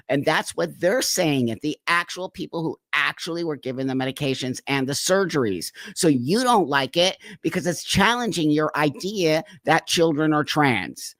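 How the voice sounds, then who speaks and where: A man's voice: fairly high pitch, expressive, normal speed, hardly any pauses, fairly bright tone, no echo. A man hosting a reaction commentary, emphatic and heated, repeating his points. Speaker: host reacting to a clip.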